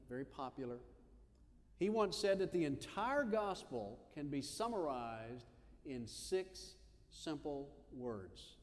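A man preaching a sermon, telling a story in a lively, animated way with little asides. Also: medium pitch, long reverb tail. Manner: animated storyteller, acts out voices in quotes.

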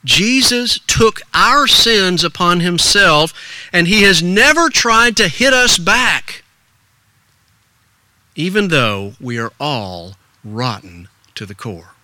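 Older male pastor preaching with a lively, swinging delivery and a bright, dry sound. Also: high-pitched, slow, no room sound. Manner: earnest and storytelling, swinging between soft hushes and stirring emphasis. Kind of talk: sermon.

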